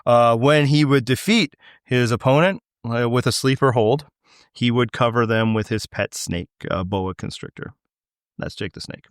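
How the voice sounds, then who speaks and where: A man's voice: medium pitch, normal speed, smooth, no echo, clean studio sound. A middle-aged man with a Canadian accent, hosting a casual podcast chat in a loose, rambling way that wanders mid-sentence. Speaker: podcast host.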